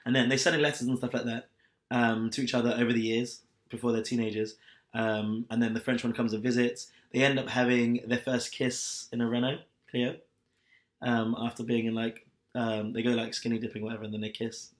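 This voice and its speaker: A man's voice: medium pitch, level tone, a little fast. Young guy on a podcast, rambly, lots of um and like, just chatting. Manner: chatty, rambling retelling with many fillers. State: sore back, hungover. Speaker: podcast co-host. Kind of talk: casual chat.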